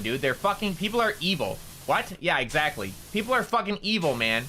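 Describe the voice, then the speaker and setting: Bright-voiced, profane male streamer. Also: fairly quick, hardly any pauses, slight background noise. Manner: profane, excitable, jumps into high-pitched outbursts. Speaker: VTuber streamer. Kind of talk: casual livestream chat while gaming.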